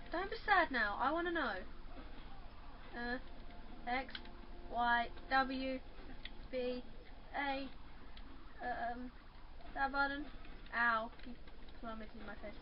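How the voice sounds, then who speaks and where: A woman giving excitable let's play commentary while playing a fighting game, chattering, yelping and taunting. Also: a little high, slow pace, pauses often. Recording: muffled lo-fi with faint hiss.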